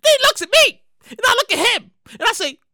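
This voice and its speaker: A man hosting a solo podcast, talking loudly and animatedly with plenty of profanity. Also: extremely high pitch, brisk, no echo, studio quality. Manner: loud, animated, profane ranting. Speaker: podcast host. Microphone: studio microphone.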